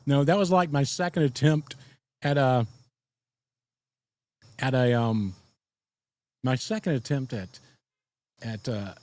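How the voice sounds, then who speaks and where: Speaking slowly and pausing often, a man with a medium-pitched, darkish voice is recorded without echo. He's a Southern-accented podcast host on a casual live stream who rambles folksily, reads comments from viewers, and chuckles often.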